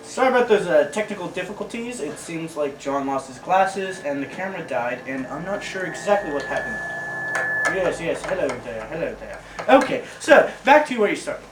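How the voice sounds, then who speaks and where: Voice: medium pitch, very animated, moderate pace, lightly acted. A performer playing a flustered male news anchor in a mock newscast, who keeps apologizing for technical trouble. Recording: distant roomy home video, faint hiss.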